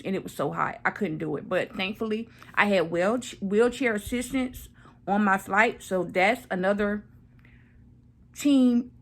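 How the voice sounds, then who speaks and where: A woman in her thirties talking casually to camera, recovering from surgery and repeating phrases for emphasis. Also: medium pitch. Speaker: vlogger.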